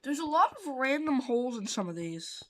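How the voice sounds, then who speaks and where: A woman's voice: high-pitched, very animated, moderate pace, fairly bright tone. A woman giving goofy, rambling commentary while building in a block game, joking to herself. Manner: rambling, goofy, jokes to self. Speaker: Minecraft builder. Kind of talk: casual gameplay commentary.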